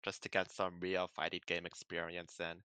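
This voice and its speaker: Bright, crisp man chatting casually. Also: low-pitched, moderate pace, dry recording. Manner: relaxed, explains judo throws with many ums and likes. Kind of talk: casual chat.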